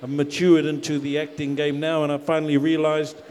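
A man from New Zealand, an actor, telling easygoing stories on a panel with many pauses and fillers. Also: a little high. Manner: relaxed storyteller, self-deprecating, lots of uh and um. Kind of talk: panel Q&A answers. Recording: long hall reverb.

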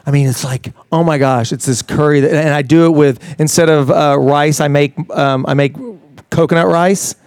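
A man's voice: on the high side, steady tone, moderate pace, a little mellow, smooth, no room sound. A man talking at a live interview, enthusiastic and rambling, with frequent restarts and fillers. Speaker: fitness trainer guest. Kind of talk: casual interview talk.

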